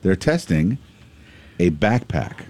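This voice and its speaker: Deep-voiced joking radio co-host. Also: male voice, big pitch swings, takes it slowly, darkish tone. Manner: rambling, jokey, asks lots of questions. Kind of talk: casual morning radio banter. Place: radio studio.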